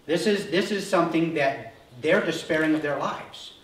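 A male pastor preaching a sermon, telling the story with animated energy and acting out voices before settling into calm, earnest teaching. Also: fairly high pitch, moderate pace. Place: church sanctuary. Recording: roomy hall from a distance.

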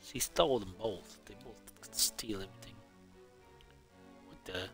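A man's voice: mid-range voice, moderate pace, vocal fry, pauses often, soft background music. A man giving wry, rambling running commentary while he streams a game. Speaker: streamer playing through a game marathon. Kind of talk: casual live-stream commentary.

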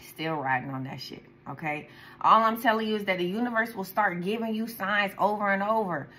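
A woman's voice: medium pitch, fairly quick, bright, forceful tone, poor audio. A woman giving a casual tarot reading to her viewers, talking in a chatty, profane, rambling way and often breaking into laughs. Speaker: tarot reader.

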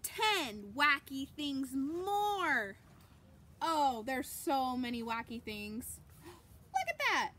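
A woman reading a picture book aloud to children, animated, gasping and exclaiming, and asking the young listeners questions. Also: high voice, very slow. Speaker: children's story reader.

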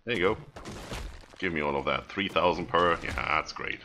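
A man's voice: low-pitched, moderate pace, bright, forceful tone, a little hiss or hum. A man hosting a gaming video, giving casual, self-amused commentary to viewers as he plays. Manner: chatty, self-amused, talks to viewers while playing.

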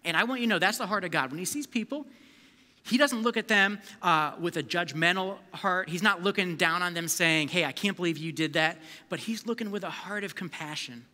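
A man preaching a live sermon as a youth pastor, energetic and conversational, calling on the crowd to answer back. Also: high-pitched, a little fast. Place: church service hall. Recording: long reverb of a large hall.

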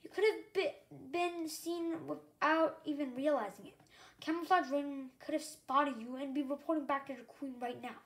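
A woman reading aloud and voicing a gruff male dragon who growls warnings. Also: high voice, fairly even intonation, moderate pace.

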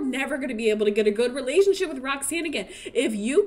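High-voiced excitable woman streamer. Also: quick pace, few pauses, slight background noise. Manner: excitable, gushing, talks to her chat. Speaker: game streamer. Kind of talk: casual live-stream commentary. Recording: loud game music behind. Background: game music.

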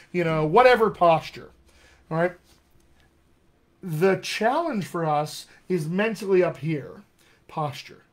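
A man working as a dialect coach, teaching a live session from a home room in a chatty, animated way and talking straight to his viewers. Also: fairly high pitch.

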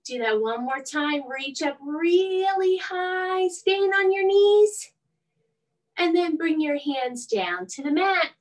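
A woman leading a gentle bedtime yoga class for children, coaxing and soothing, with playful moo and meow sounds. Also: very high voice, slow, far from the mic, rough recording. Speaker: kids' yoga teacher.

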